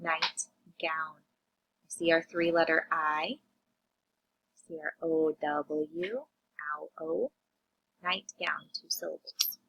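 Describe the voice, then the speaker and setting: A woman teacher reviewing vocabulary and phonics with young children, sounding words out slowly and asking them questions. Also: low-pitched, level tone, vocal fry, a bit bright, slight background noise, poor audio. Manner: slow, drawn-out phonics sounding-out, addressing kids.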